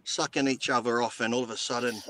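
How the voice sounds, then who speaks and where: A man on a live-streamed talk show who tells crude jokes in a drawn-out storytelling way. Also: mid-range voice, steady tone, sharp tone, a little hiss or hum. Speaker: co-host telling jokes. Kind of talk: casual joke-telling banter.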